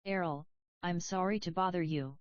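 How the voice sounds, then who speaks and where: A woman's voice: fairly low pitch, normal speed, no room sound, natural voice. Woman reads a timid, apologetic male salesman; dry, slightly dull sound. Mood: tentative. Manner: hesitant, apologetic.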